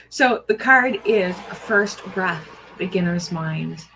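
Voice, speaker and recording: A middle-aged woman speaks on a live stream, pulling oracle cards for viewers and greeting each one by name. Her talk is chatty and easygoing, with bursts of gushing excitement. A faint hiss of noise sits under her voice. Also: on the low side, slow, gravelly, low-quality recording. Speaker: oracle card reader. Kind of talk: live-stream card reading.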